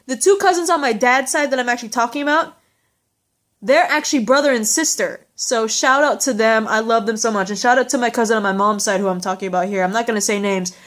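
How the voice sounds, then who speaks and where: A young woman with a slightly raised pitch talks through a TV episode in a loose, rambling recap. She doubles back often, leaning on ums and likes, and sounds heartfelt about what she describes. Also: quick pace, fairly bright tone. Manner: rambling and heartfelt, with many fillers.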